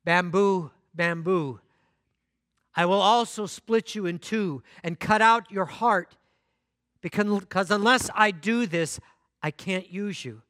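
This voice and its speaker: A man voicing a serious, loving male master of a garden who speaks gravely and tenderly, in a story told in a sermon. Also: high-pitched, a bit bright, dry recording, studio quality, voice pushed up. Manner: grave and slow, with tender address.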